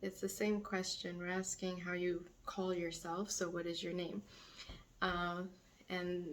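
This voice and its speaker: A woman teaching a beginner language lesson, slowly repeating each phrase for her learners. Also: lowish voice, flat delivery. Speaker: French teacher.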